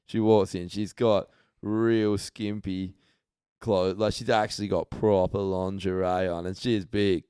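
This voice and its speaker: An Australian man telling animated, profanity-laced anecdotes on a casual podcast. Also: sits low, measured pace, clear, resonant tone, dry recording, studio quality. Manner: swears a lot, animated anecdotes. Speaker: podcast host.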